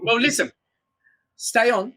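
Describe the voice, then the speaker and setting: A male chat show host with a high, bright, sharp voice. He talks casually and warmly encourages his guests, then moves straight into introducing the next act. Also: slow pace. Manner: upbeat, encouraging, introduces acts.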